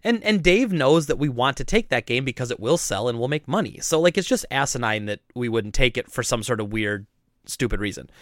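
A man running a game store, telling customer stories in a casual, animated chat and acting out the people involved. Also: medium pitch, brisk, dry recording, studio quality. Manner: animated, laughing, acts out customers and coworkers. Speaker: game store owner, podcast host.

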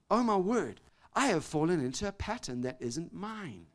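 Male pastor, somewhat high voice, lively sermon delivery that jumps from loud to hushed, quick laughs between lines. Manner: animated, swinging from loud exclamations to soft confiding tones; laughs often between phrases.

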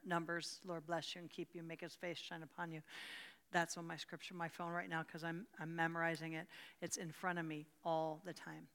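Older woman leading church teaching, fervent, low-pitched, smooth, with a clear, resonant tone. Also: fairly bright tone, long reverb tail. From rural Pennsylvania. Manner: fervent, repeats words, answers questions from the room. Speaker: Bible study teacher. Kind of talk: teaching a church group with prayer.

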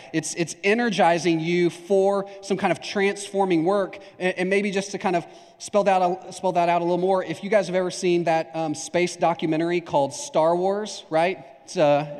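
A man preaching a sermon as pastor, talking in a conversational, animated way with asides and acted-out examples. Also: sits high, long reverb tail.

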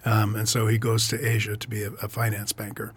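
Low husky-voiced man, halting. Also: monotone. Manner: hesitant, many fillers and restarts. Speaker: author and editor, interview guest. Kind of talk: reflective interview answers.

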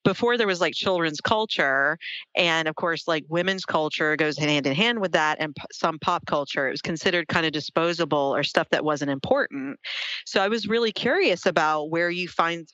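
A woman's voice: low voice, moderate pace, a bit bright, no room sound. Enthusiastic woman interviewer, dry lo-fi sound. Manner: enthusiastic, rambling questions with fillers. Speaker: interviewer, podcast host. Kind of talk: casual interview conversation. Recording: dry, dull lo-fi audio.

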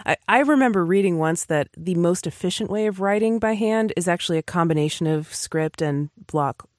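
A woman's voice: lowish voice, a little fast, dry recording. Woman podcast co-host, chatty and giggly, dry close sound. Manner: chatty, laughs often. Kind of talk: casual chat.

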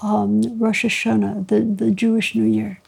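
Husky warm-voiced woman telling stories. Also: medium pitch, a little slow. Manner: lively raconteur, mimics dialogue, laughs often. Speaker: author being interviewed. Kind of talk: anecdotal storytelling.

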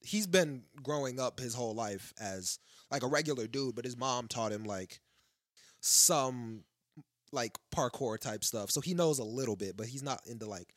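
A man's voice: medium pitch, moderate pace, a bit bright, dry recording, clean studio sound. A young man chatting casually among friends, in laid-back slang with frequent restarts. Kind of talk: casual chat.

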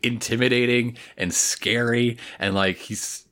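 Guy on a podcast going over an anime ep, excited, laughy, keeps restarting his sentences, average pitch. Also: a little slow. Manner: enthusiastic, laughs often, rambling restarts. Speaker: podcast co-host. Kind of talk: casual anime recap chat.

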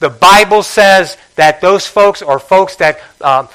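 A man's voice: high voice, takes it slowly, a bit bright, smooth, low-quality recording. A man preaching a sermon from the pulpit as pastor, emphatic, repeating his phrases and prodding the congregation to respond.

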